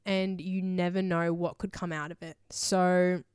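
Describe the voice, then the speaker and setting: A woman's voice: fairly low pitch, little pitch movement, unhurried, darkish tone, clean tone, dry recording, clean studio sound. A woman hosting a solo podcast, talking in a rambling, emotional way full of fillers and casual swearing. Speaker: podcast host.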